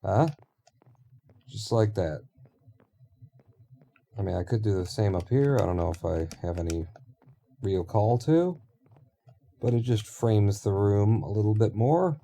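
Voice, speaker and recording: Dark-voiced man thinking aloud. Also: on the low side, animated, unhurried, creaky, pauses often, a little hiss or hum. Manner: rambling, thinks aloud, swears casually. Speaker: streamer. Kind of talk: casual live-stream commentary while building in a game.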